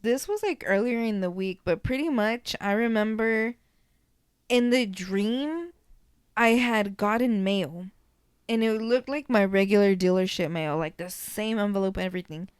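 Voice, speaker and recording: A young woman co-hosting a casual podcast, telling stories in a chatty, animated way with plenty of swearing. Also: medium pitch, normal speed, smooth, dry recording, clean studio sound. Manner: chatty, profane, animated storytelling. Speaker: podcast co-host.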